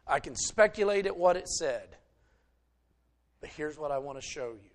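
A male preacher delivering a sermon, retelling a story and swinging between loud emphasis and hushed asides. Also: fairly high pitch, lively intonation, normal speed, pauses often.

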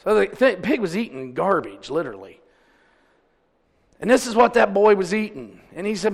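A middle-aged man preaching a sermon as pastor, swinging between loud, drawn-out peaks and quiet asides. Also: high-pitched, big pitch swings, creaky, big-room sound.

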